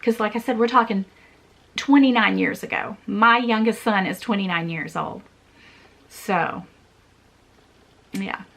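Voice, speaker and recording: A woman's voice: mid-range voice, unhurried, creaky, long pauses, fairly bright tone. A woman in her forties, a vlogger telling a personal story in an earnest, repetitive way with small laughs.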